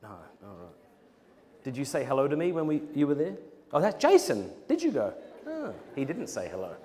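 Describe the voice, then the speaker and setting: A man's voice: mid-range voice, moderate pace. A young Australian man telling funny stories to a conference audience, acting out quotes as he goes. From South Australia. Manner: animated storytelling with acted-out quotes and laughs. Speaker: speaker. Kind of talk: humorous talk to a conference audience. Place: large conference hall. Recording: hall reverb with faint noise.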